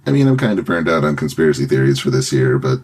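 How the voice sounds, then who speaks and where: Male co-host, husky and low, measured dry delivery. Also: big pitch swings, darkish tone. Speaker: podcast co-host. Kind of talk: casual chat.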